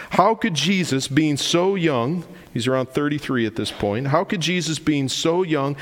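Pastor preaching in a reverberant hall. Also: male voice, fairly high pitch. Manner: emphatic, rhetorical questions, explains terms plainly. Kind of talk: sermon.

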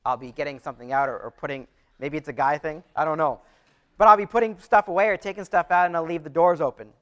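A man's voice: a little high, fast talker, a bit bright, clear, resonant tone, dull audio. A pastor preaching a sermon to his church, earnest and conversational, often restarting his phrases.

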